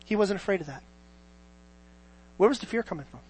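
A preacher delivering a sermon in a middle-pitched voice. The delivery keeps asking the listeners questions and swings from forceful to almost hushed. The sound is dry and close, with no room echo. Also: expressive, a little fast, husky. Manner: asks the listeners many questions, sweeping between loud and quiet.

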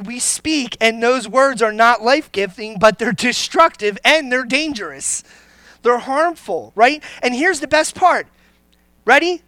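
A pastor delivers a sermon at an unhurried pace, teasing the congregation with questions and jokes before sinking into low, grave emphasis. The voice is bright, and the recording is dry and close. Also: clean tone, dry recording. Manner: conversational, joking, then drops low and grave.

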